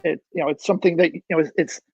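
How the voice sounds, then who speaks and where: A man's voice: fairly high pitch, fairly even intonation, very fast, vocal fry, darkish tone, slightly rough, no room sound. A man hosting a livestream interview over a video call, giving short affirmations and then musing aloud. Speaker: show host. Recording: dull lo-fi video call audio.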